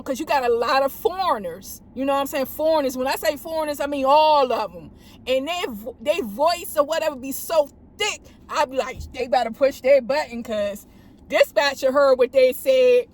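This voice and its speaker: A woman's voice: sits high, slight background noise. A woman police officer telling work stories in casual chat, acting out radio calls in a raised voice. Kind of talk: casual storytelling.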